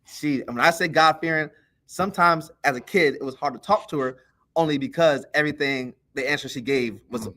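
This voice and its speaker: A man on a podcast telling a childhood story in a casual, animated way, acting out the voices of the people in it. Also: a little high, a little fast. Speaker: podcast co-host.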